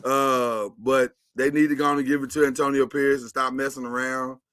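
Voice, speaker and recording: Opinionated bright-voiced male sports host. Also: mid-range voice, little pitch movement, normal speed, clear, resonant tone, no room sound. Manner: chatty, opinionated, runs the segments. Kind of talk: casual sports talk.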